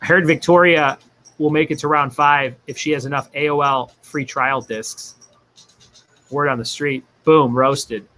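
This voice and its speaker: A man's voice: fairly high pitch, pushed and bright. A man hosting a casual livestream trivia game, joking, laughing often and reading viewer chat aloud.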